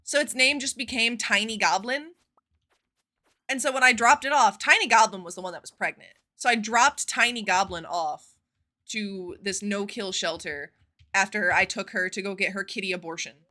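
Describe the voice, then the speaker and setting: A woman streamer chatting casually with her viewers, telling stories in an expressive, profane way. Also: mid-range voice, normal speed. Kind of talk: casual live-stream chat.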